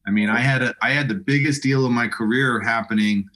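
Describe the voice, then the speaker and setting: A man's voice: medium pitch, fairly quick, sharp tone. A middle-aged man talking as an interview guest, often restarting and repeating words as he tells his story. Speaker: guest, apartment broker. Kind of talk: casual interview conversation.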